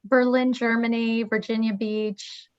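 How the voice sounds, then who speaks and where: Woman on a muffled video call, kinda high voice, upbeat, reading off places people are from. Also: flat delivery, measured pace, clear, resonant tone. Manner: upbeat, reads out attendee locations. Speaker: webinar co-host. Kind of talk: casual greetings before a webinar. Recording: dull lo-fi video call audio.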